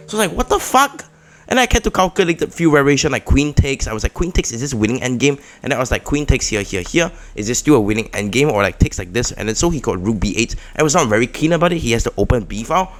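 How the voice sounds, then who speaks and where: A man giving casual, excitable commentary on his own chess game, with sudden loud outbursts. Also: mid-range voice. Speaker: chess vlogger.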